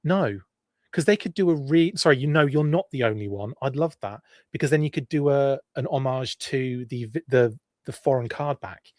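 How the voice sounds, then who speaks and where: A man's voice: mid-range voice, moderate pace, no echo, clean studio sound. A well-spoken English man hosting a live stream in a rambling, chatty way, reading out viewer comments and going off on asides. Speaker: podcast host.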